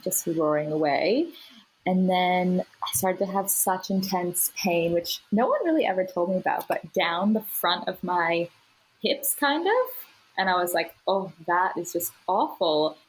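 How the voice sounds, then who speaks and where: Podcast guest, woman, lower register with a husky edge, casual storyteller. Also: low-quality recording. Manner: chatty, quick to laugh, many fillers. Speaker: podcast guest sharing her birth story.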